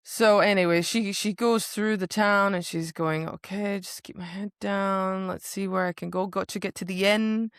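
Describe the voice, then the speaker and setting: A woman's voice: mid-range voice, steady tone, normal speed, few pauses, smooth, dry recording, clean studio sound. A woman co-hosting a podcast, casually recapping a book and acting out the characters' lines with swearing and laughter. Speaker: podcast co-host.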